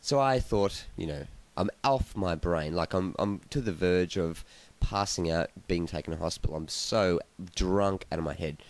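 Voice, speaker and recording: A young man co-hosting a casual podcast, swearing freely and telling stories with lively put-on quotes. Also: sits low, normal speed. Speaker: podcast co-host.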